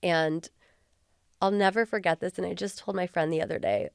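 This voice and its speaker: A woman's voice: on the low side, fairly even intonation, moderate pace, creaky, clean tone, no room sound. A woman guest on an interview podcast, speaking candidly in a heartfelt, earnest way with lots of casual fillers, recorded on a close podcast mic. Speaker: podcast guest, former police officer.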